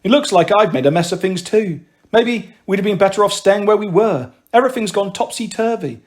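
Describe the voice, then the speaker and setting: A man's voice: high voice, animated, fairly quick. A man reading a story aloud, voicing a harried mother who scolds her daughters in an exasperated way. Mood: weary. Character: harried, emotional working-class mother. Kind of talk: audiobook reading.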